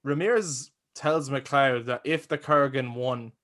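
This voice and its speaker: A man co-hosting a casual film podcast, excitable, laughing often and swearing casually as he talks. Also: medium pitch, takes it slowly. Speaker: podcast co-host.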